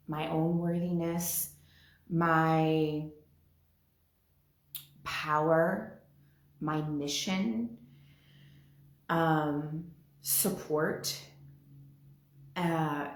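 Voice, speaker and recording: A woman giving a reflective spiritual talk, speaking softly and from the heart, with a tender, emotional edge. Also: deep voice, roomy sound. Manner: slow, soft and heartfelt, growing emotional.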